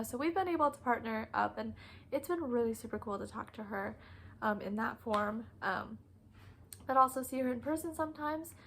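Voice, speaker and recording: Chatty young woman, slightly gravelly voice. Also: a little high, a bit bright, a little hiss or hum, low-quality recording. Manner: chatty, laughs often, acts out kids' voices. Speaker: preschool teacher. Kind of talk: casual storytelling vlog.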